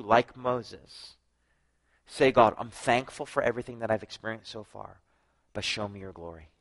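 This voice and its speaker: A man preaching a sermon, telling his own story with lively acted-out dialogue and frequent drops to a hushed voice. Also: mid-range voice, rough recording. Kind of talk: sermon with personal testimony.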